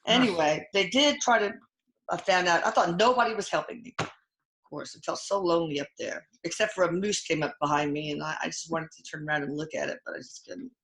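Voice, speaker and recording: Older woman with a halting, emotional retelling. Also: on the low side, a bit bright, roomy sound. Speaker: host. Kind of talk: casual chat.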